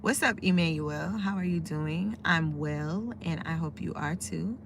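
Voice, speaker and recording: A talkative middle-aged woman from the United States streams live from her car outside a store, greeting her chat and wandering from story to story. Her voice sits fairly low and has a gravelly edge. Faint background noise hums under the recording. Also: measured pace. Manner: chatty, easily sidetracked, greets viewers by name.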